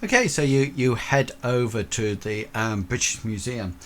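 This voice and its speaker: A man's voice: medium pitch, moderate pace, a bit bright, slight background noise. A man narrating a tabletop horror game as game master, rambling through many fillers and restarts.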